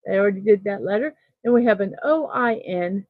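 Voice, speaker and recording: A middle-aged woman hosting a casual morning livestream, thinking aloud and reading out chat messages with soft laughs. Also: mid-range voice, expressive, a little fast, no echo, narrow, tinny audio. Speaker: host of a daily morning livestream.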